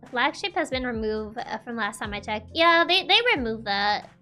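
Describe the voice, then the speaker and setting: A woman's voice: a little high, lively intonation, moderate pace, bright, forceful tone, soft background music. A woman chatting casually with her viewers on a livestream, giggling often between remarks. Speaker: virtual streamer.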